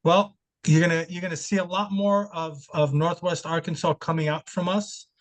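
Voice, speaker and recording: A man hosts a webinar over a video call, chatting loosely and often repeating his words. His voice is fairly high, his delivery flat, and he speaks at normal speed.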